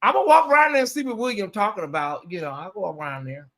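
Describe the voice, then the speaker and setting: Giggly man with a high, bright voice. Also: quick pace. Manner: giggly, animated, keeps breaking into laughter. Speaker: guest on a live stream. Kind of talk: casual live-stream chat.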